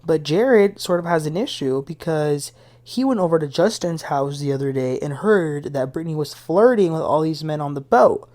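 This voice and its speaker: A woman's voice: low-pitched, animated, moderate pace, dark tone. A woman hosting a casual reality TV recap, retelling scenes in a chatty way with her own opinions and asides. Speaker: TV recap host.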